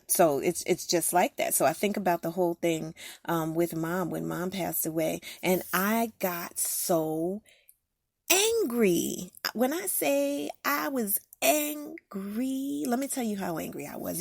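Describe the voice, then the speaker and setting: A woman's voice: on the low side, creaky, a little mellow, no room sound, clean studio sound. A middle-aged woman hosting a faith podcast, speaking candidly and personally in a casual monologue with frequent fillers. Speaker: podcast host giving encouragement.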